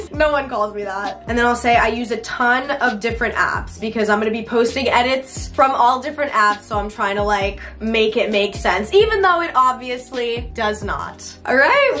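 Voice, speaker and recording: A woman's voice: fairly high pitch, a bit bright. A young woman with a congested, stuffy voice from the flu, chatting casually and playfully as a content creator in a vlog.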